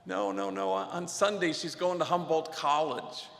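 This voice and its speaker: A man's voice: a little high, lively intonation, measured pace, a bit bright, echoey room, long reverb tail. A man voicing a worried ex-gang father. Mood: anxious. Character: reformed gang member, anxious proud father.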